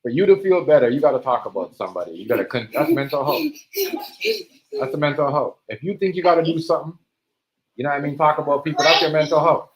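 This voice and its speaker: A man's voice: fairly high pitch, quick pace, poor audio. Slangy man ranting on a stream. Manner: animated, street slang, repeats himself. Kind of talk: casual livestream monologue.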